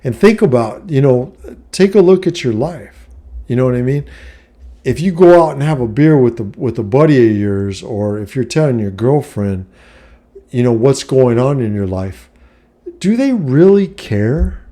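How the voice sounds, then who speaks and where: A middle-aged man with a medium-pitched, warm, animated voice speaks unhurriedly to camera, giving blunt advice drawn from his own life. He swears often and tacks "you know what I mean" onto nearly every point in this casual vlog monologue.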